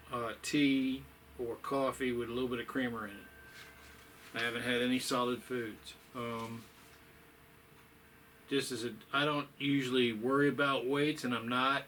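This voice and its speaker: A tired man talks casually to his viewers, rambling along with plenty of ums and sighs. His voice sits at an ordinary middle pitch, and a faint hiss of noise runs underneath. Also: a bit bright. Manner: rambling, folksy, with many fillers and sighs. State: tired, yawning. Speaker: vlogger. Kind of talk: casual chat.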